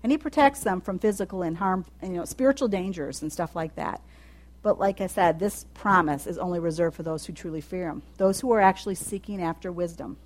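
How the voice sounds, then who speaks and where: A woman preaching a sermon in a conversational way, dropping soft and low, then building to loud, high emphatic passages with asides to her listeners. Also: brisk.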